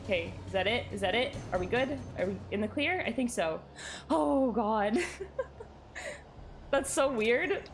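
A young woman streaming a game, chatting casually and excitably with her chat, giggling often. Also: fairly high pitch, a little slow, long pauses, noisy background.

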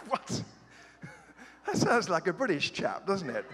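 A man's voice: high voice, wildly swooping pitch, measured pace, long pauses, a bit bright, a little hiss or hum. A man who is a guest preacher, giving a sermon and reading scripture with humorous, chatty asides. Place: large church sanctuary. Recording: long hall reverb.

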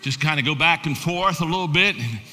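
Male speaker, fairly high, sharp-toned, folksy sermon storytelling, long hall reverb. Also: expressive, fairly quick. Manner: folksy, repeats words, builds to loud emphasis. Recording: live talk in a reverberant hall.

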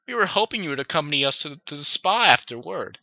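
A man's voice: fairly high pitch, very animated, quick pace, gravelly, no room sound, voice pushed up. A man reading aloud, voicing a refined, polite female unicorn who fusses over her friends, recorded dry and dull. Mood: genteel. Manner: polite, genteel.

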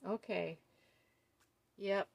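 Slow-talking, gushing woman unboxing gifts. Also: medium pitch, steady tone, vocal fry, darkish tone, dry recording. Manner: gushing, awestruck, full of fillers. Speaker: doll collector vlogger. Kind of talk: casual unboxing chat.

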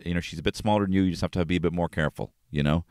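A man hosting a podcast, telling casual stories about his family, swearing freely and jumping into high-pitched voices when quoting people. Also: very fast, dry recording, studio quality. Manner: swears freely, animated, acts out quotes in a high voice. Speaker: podcast host. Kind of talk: casual storytelling chat.

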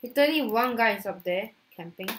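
A woman's voice: a little high, lively intonation, brisk, fairly bright tone, a little hiss or hum. A woman gamer chatting casually during a match, frustrated, sighing and teasing her friend. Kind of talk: casual gaming chat.

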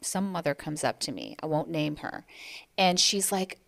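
A woman in her forties, a podcast co-host, chatting casually and telling stories with lively acted-out quotes. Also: deep voice, normal speed, gravelly. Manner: animated storyteller, acts out quoted voices. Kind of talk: casual chat.

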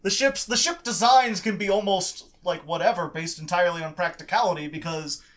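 A man's voice: sits high, brisk, fairly bright tone. A man hosting a casual book podcast, explaining lore and telling stories with sound effects and frequent laughs. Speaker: podcast host.

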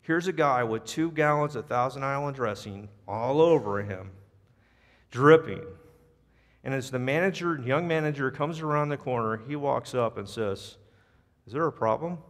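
An American man preaching to his congregation, drawing listeners into a story with an animated delivery. His mid-range voice carries a long reverb through the church sanctuary. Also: medium pitch, normal speed. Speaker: pastor. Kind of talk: sermon.

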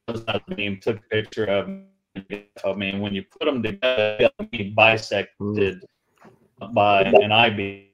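A man with a fairly low voice tells a long story over a livestream video call. He rambles, stops and restarts often. His feed breaks up now and then. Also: fairly bright tone, low-quality recording. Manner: rambling, halting anecdote with many restarts.

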